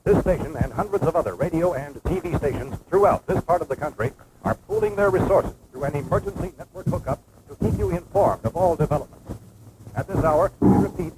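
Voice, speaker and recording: An actor playing a male radio news announcer reading an emergency bulletin in a measured, formal way, on a hissy 1960s film soundtrack. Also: on the high side, expressive. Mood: grave.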